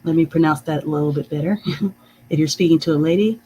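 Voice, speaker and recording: A teacher leading a live-streamed reading lesson, saying phrases slowly and carefully, checking in with "okay?" and chuckling often. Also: mid-range voice, mellow, a little hiss or hum, low-quality recording. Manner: reads out viewer comments.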